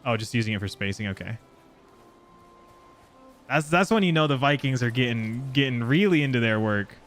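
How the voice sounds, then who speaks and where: Man, casual live-stream gamer, loose, excitable and a bit profane, mid-range voice, soft music behind. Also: medium pitch, moderate pace. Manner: casual, excitable, swears freely, talks to his chat. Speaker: game streamer. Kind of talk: casual live gameplay chat.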